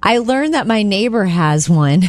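A woman co-hosting a radio show, chatting casually and telling stories with a very lively, swooping pitch. She jumps into high voices when she quotes people, and her voice sounds close and dry. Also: measured pace, no echo. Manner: animated storyteller, acts out quotes in high voices. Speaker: co-host.

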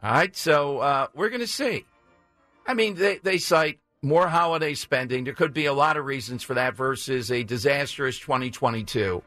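A man's voice: medium pitch, normal speed, sharp tone, no room sound, faint music behind. A man hosting a talk radio show, blunt, combative and sarcastic. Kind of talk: opinionated talk radio monologue.

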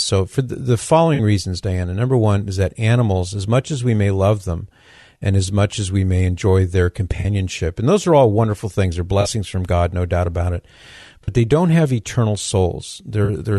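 A man hosting a radio call-in show who is losing his voice, answering a caller's question in a measured, explanatory way. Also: low-pitched, warm tone, dry recording, studio quality.

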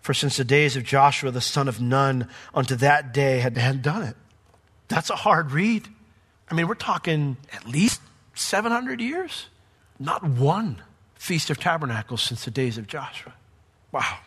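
A man preaching a sermon as pastor, reading scripture aloud and explaining it verse by verse, swinging from quiet asides to raised emphatic points. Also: mid-range voice, animated, measured pace, slightly rough.

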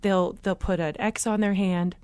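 A woman's voice: mid-range voice, clean tone. Earnest woman telling a faith story. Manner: earnest, animated storytelling with quick asides. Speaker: guest. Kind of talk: faith interview conversation.

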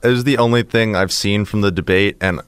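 A man's voice: lowish voice, fairly even intonation, a little fast, clean tone, no room sound. Laid-back co-host man, dry studio. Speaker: radio show co-host. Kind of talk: casual radio banter.

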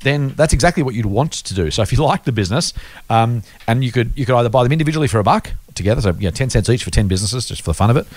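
A man co-hosting a casual investing podcast. He talks quickly and walks through his points patiently with examples. The recording is close and dry, with no room sound. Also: medium pitch, animated, a little mellow, no room sound. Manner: explains patiently with worked examples. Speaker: podcast co-host.

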